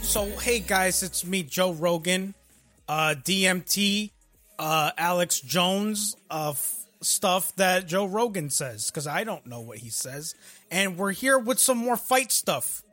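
Man doing a slow drawling podcaster voice, rambling, halting, bright tone. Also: high voice, lively intonation, no room sound, faint music behind, full character voice. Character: slow, drawling adult male podcaster impression.

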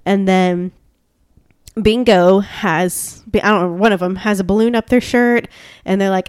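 A woman's voice: medium pitch, steady tone, normal speed, a little mellow, clear, resonant tone, no room sound, clean studio sound. A woman co-hosting a casual chat show, gushing and chatty with lots of fillers and restarts.

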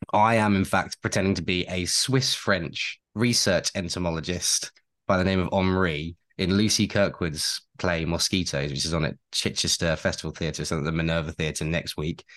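A man's voice: low voice, a bit bright. A young man co-hosting a podcast, chatting casually with rambling, self-deprecating asides. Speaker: podcast co-host and actor. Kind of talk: casual chat.

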